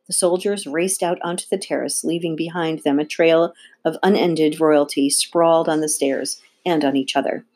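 A woman reading a children's novel aloud with steady, expressive narration. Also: deep voice, moderate pace. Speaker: audiobook reader. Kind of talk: read-aloud storybook narration.

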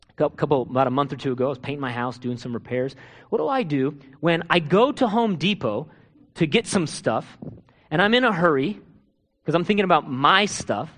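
A male pastor preaching a sermon, asking rhetorical questions and swinging between hushed, intimate moments and loud, urgent ones. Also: high voice.

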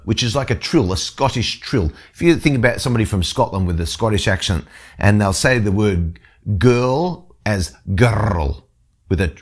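A man reading a scripture passage and then explaining it in an earnest teaching style, often restarting his sentences. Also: fairly low pitch. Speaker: Bible teacher.

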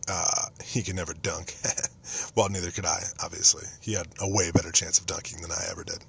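A man's voice: low voice, fairly even intonation, fairly quick, gravelly, fairly bright tone, slightly rough. A young man hosting a podcast, telling casual stories about a friend with self-mocking jokes. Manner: self-mocking, joking, nostalgic. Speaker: podcast host. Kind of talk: casual storytelling monologue.

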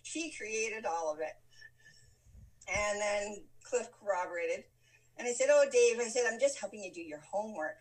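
A woman's voice: medium pitch, normal speed. A woman telling a personal story in a casual chat, laughing often and acting out the lines of people in it. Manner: lively, laughs often, acts out quoted lines. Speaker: guest telling a life story. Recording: voice from a distant mic.

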